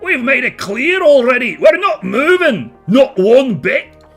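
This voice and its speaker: A man voicing a gruff, stubborn male dwarf worker in a put-on Scottish accent, loud and drawn-out. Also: extremely high pitch, big pitch swings, soft background music, pitched above the performer's own voice, heavily acted. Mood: defiant.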